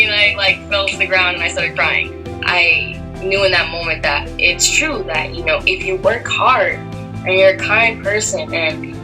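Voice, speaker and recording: A woman's voice: on the low side, low-quality recording. A young adult woman in a casual storytelling interview, talking in a chatty way full of "like" and "you know". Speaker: actress interviewee. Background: music.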